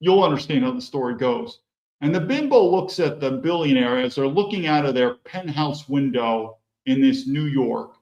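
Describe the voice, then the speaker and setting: A man's voice: medium pitch, animated, moderate pace, a little mellow. A man from the United States hosting a podcast, telling a story in an opinionated, digressive way. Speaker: podcast host. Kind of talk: rambling commentary with storytelling. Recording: echoey, dull room sound.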